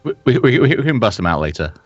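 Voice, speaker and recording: A man's voice: low voice, sing-song, fast, breathy edge, no room sound, lo-fi sound. A man playing a tabletop game, speaking hesitantly and repeating words. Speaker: player. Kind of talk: casual tabletop game chat.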